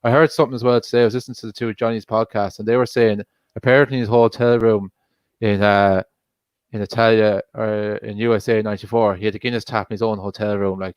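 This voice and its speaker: Low-voiced man, casual chat. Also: quick pace, clear, resonant tone, no room sound. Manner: relaxed, reflective, says "like" a lot. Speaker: co-host of a football watch-along.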